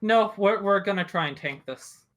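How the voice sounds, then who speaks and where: Male player, casual and chatty, bright tone. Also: high-pitched, normal speed. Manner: chatty, hesitant with fillers. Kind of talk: casual tabletop play.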